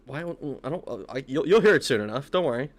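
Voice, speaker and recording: A man's voice: mid-range voice, lively intonation, fast. A man streaming a video game who talks casually, swears often and laughs a lot. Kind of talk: let's play commentary.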